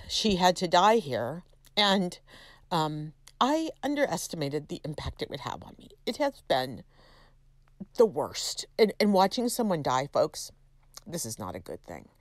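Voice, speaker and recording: A woman's voice: on the low side, big pitch swings, unhurried, dry recording. A middle-aged woman hosting her own podcast, talking in a chatty, self-deprecating, rambling way with many restarts. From California. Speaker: podcast host. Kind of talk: casual solo podcast monologue.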